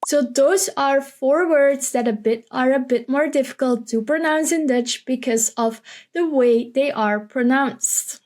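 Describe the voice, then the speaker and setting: A woman teaching vocabulary, repeating each word slowly and carefully for learners. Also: high-pitched, a little mellow. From Belgium. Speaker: Dutch language teacher. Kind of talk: vocabulary lesson, slow and careful.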